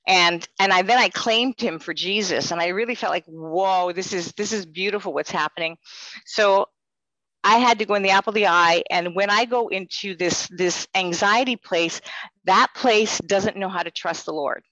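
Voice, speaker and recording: A woman's voice: medium pitch, moderate pace, pushed and bright, dry recording, poor audio. A woman sharing a personal faith testimony in earnest, rambling storytelling.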